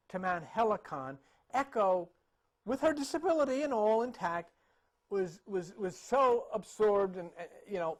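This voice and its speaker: In a high voice, a man retells an old myth as he points out paintings. His delivery is casual and chatty, dotted with restarts, conversational fillers and the occasional chuckle.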